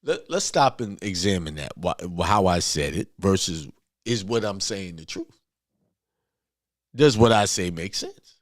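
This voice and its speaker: A man's voice: deep voice, animated, measured pace, dry recording, studio quality. A man giving an informal motivational sermon, talking bluntly and emphatically, often repeating himself. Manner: emphatic, repetitive, talks straight and blunt. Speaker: spiritual speaker.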